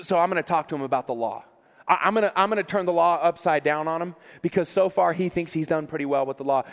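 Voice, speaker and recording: A man preaching a sermon with fervor, often stacking repeated words as he pushes a point. His voice sits high for a man. Everything carries the long reverb of a large hall. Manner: impassioned, repeats words in rising emphasis. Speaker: pastor.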